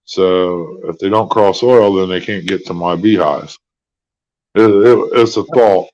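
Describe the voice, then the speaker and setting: A man hosting a live stream, chatting in a slow, folksy drawl. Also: low-pitched, a little mellow, muffled recording. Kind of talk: casual chat. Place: hospital room.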